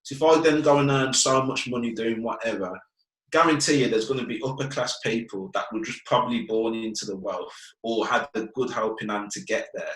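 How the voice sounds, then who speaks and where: An earnest male guest speaks frankly at a middling pitch. His voice carries a noticeable room echo. He often checks that his listener follows him. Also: brisk, a bit bright. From Birmingham, England. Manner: earnest, frank, keeps asking "do you get what I mean". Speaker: guest, fitness business owner. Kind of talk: casual conversational interview.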